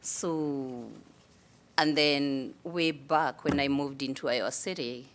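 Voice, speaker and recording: A woman from Kenya, a city commissioner, giving measured, heartfelt farewell remarks at a public meeting. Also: rumbling low, steady tone.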